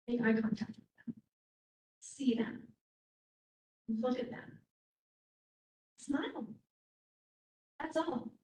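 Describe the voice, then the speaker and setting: A woman's voice: a little high, darkish tone. Frank Canadian woman speaking in an echoing hall. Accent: Canadian English. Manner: casual and frank, with quick laughs and emphatic repetition. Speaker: keynote speaker. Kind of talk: motivational keynote speech. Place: large hall. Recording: echoey hall, mic at a distance.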